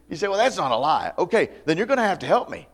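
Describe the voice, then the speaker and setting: A man preaching at a camp meeting, his voice sitting a little high for a man. He talks to the congregation conversationally with folksy humor, then drives his points home with loud, emphatic bursts. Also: breathy edge. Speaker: pastor. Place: church meeting before a live congregation.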